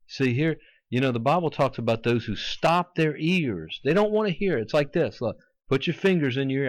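A man's voice: mid-range voice, lively intonation, moderate pace, no room sound. A man preaching a fervent sermon, quoting scripture and acting out mocking voices.

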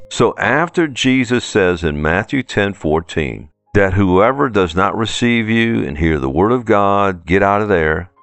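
Deep-voiced preacher with a New Orleans accent. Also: male voice, no echo. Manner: emphatic, with pointed rhetorical questions. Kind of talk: sermon.

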